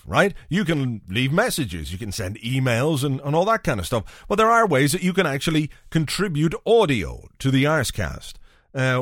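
A man's voice: medium pitch, no echo, clean studio sound. A man hosting a podcast, chatting casually with wry asides. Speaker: podcast host.

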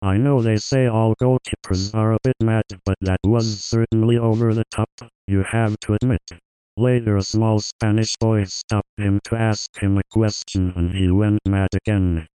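A man delivering an absurd, crude comic monologue in a flat, deadpan manner. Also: on the low side, normal speed, clear, resonant tone, no echo, close to an everyday voice, poor audio. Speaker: comedy sketch guest.

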